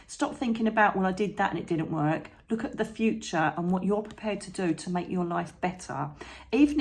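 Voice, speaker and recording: A woman's voice: medium pitch, darkish tone. A woman doing a chatty tarot reading to camera, encouraging and fond of tag questions like "okay?". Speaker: psychic tarot reader.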